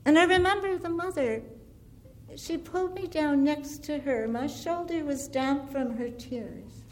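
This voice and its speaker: Woman, antiwar speaker, higher register, impassioned but measured public-speech delivery. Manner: earnest, deliberate, building through lists.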